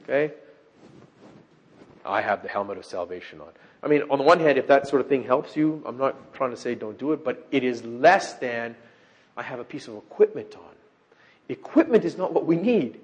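A middle-aged man preaching a sermon, emphatic, swinging from loud declarations to quiet asides and asking repeated rhetorical questions. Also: medium pitch, lively intonation, normal speed, muffled recording. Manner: emphatic, rising and dropping sharply in loudness, with repeated rhetorical questions.

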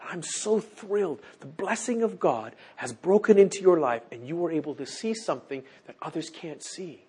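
A man preaching a sermon in an animated way, who keeps checking in with his listeners. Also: fairly high pitch, moderate pace, husky.

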